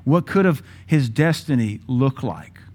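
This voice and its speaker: A man's voice: mid-range voice, lively intonation, darkish tone. Impassioned man preaching a sermon. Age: 40s. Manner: impassioned, dramatic pauses, mimics Bible voices.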